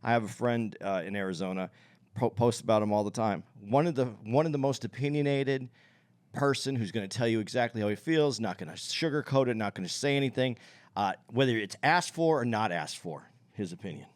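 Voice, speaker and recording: A man's voice: mid-range voice, fairly quick. A man co-hosting a podcast in casual chat, opinionated, thinking aloud and circling back to his point. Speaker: podcast co-host.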